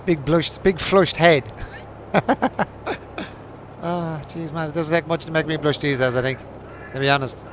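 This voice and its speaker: A man's voice: a little high, steady tone, unhurried, long pauses, a bit bright, a little hiss or hum. A man hosting a livestream of a farming game, chatting casually with his viewers and teasing them in jokey banter, laughing often and swearing freely. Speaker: livestream host. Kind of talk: casual chat while playing a farming game.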